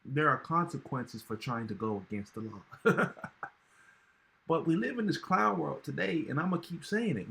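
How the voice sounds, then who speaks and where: Bright-voiced man hosting casual commentary. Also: medium pitch. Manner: emphatic, repeats himself, slangy. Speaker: reaction video host.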